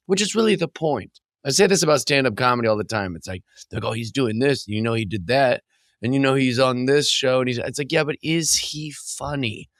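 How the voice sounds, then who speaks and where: A man co-hosting a podcast, relaxed and comedic, stretching out words for emphasis. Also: mid-range voice, dry recording, studio quality. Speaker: podcast co-host. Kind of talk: casual podcast chat.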